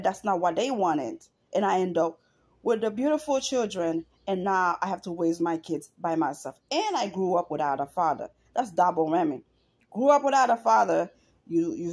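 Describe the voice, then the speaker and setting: A middle-aged woman vlogger with a medium-pitched, darkish, slightly rough voice talks straight to the camera. Her monologue is emotional, earnest, and personal, and she repeats herself for emphasis.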